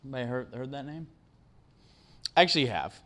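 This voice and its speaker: A man's voice: mid-range voice, lively intonation, fairly quick, a bit bright. A middle-aged man giving a conversational motivational talk to students, often asking the audience questions and tagging on "right?". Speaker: guest speaker. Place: university lecture room.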